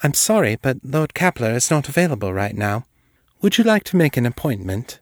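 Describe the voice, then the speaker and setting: Man voicing a polite young receptionist, nervous, stammers, lifted pitch, dry sound. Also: very animated, fairly quick, dry recording, natural voice.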